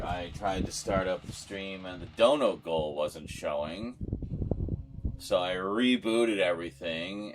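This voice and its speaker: A man streaming live, chatting casually and rambling to his viewers and his pets. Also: low-pitched.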